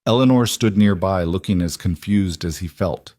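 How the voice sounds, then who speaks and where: A man narrates a frontier tale in calm, measured scripted storytelling. His voice is low and even. The recording is dry and close, with no room sound. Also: no room sound.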